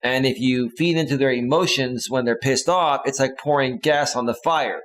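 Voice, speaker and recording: A man's voice: medium pitch, moderate pace, a bit bright. A male relationship coach giving casual advice in an earnest, lecturing way.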